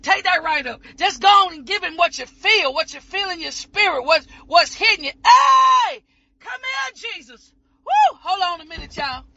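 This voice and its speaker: Woman preaching hard, shouting and whooping, voice cracking like she's crying, muffled lo-fi sound. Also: very high voice. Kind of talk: ecstatic sermon. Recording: muffled lo-fi recording.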